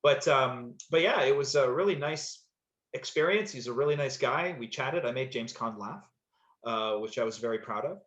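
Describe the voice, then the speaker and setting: A man's voice: mid-range voice, expressive, normal speed, a bit bright. A man, an actor, casually telling a story in a rambling way, with many fillers and restarts. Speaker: actor, podcast guest. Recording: slightly dull echoey room sound.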